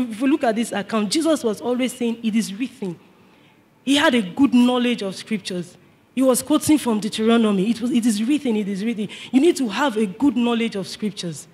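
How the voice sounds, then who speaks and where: An extremely high-pitched male voice with a breathy edge delivers an emphatic sermon. The pastor keeps repeating his points and urging the congregation to respond.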